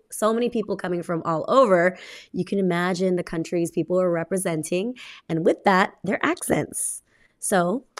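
Lady co-host doing her morning segment, lowish voice, chatty and upbeat. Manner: upbeat presenter reading stats, chatty. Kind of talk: casual radio-show chat.

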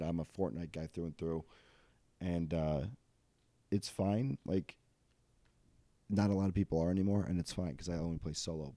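Low, mellow-voiced young man rambling. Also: dry recording. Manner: rambling, self-deprecating, filler-heavy. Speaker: podcast host. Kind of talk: casual podcast monologue.

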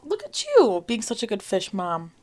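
A woman's voice: medium pitch, wildly swooping pitch, normal speed, darkish tone, a little hiss or hum. A young woman co-hosting a podcast in casual chat, teasing her friend and laughing often. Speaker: podcast co-host.

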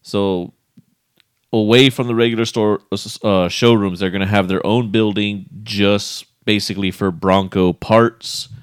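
A man co-hosting a podcast in casual chat, relaxed, laughing often and restarting his sentences. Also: lowish voice, measured pace, clear, resonant tone, no room sound, studio quality. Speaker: podcast co-host.

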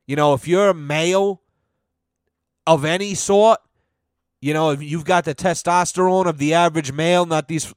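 A man's voice: smooth, no room sound. Profane rambling man, dry close sound. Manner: profane, rambling, constant "you know"; acts out quoted voices with big pitch swings. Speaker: podcast host. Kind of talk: casual comedic rant.

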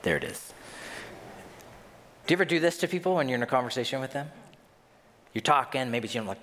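A male pastor delivers a sermon in an animated, expressive way, jumping between his own voice and acted-out reactions. His pitch swings widely through each line. The church carries a long, hall-like reverb. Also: fast, long pauses, slight background noise.

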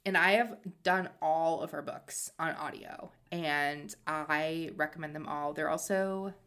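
Young woman podcast co-host, chatty and rambling, bright tone, slightly low pitch. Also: steady tone, a little slow, smooth. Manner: chatty, tangent-prone, lots of fillers. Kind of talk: casual chat.

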